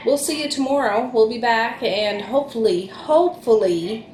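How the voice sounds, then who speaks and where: Chatty mom in echoey room. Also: female voice, fairly high pitch, moderate pace, a little mellow. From Nova Scotia, Canada. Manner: rambling, chatty, restarts phrases. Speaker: vlog host and mother. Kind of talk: casual chat to camera. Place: home, indoors, with small children around.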